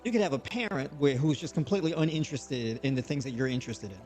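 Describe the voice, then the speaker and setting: A man hosting a live online show, talking casually and motivationally with frequent repeats and animated bursts. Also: medium pitch, fast, soft background music. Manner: conversational, repeats words, rising to animated bursts.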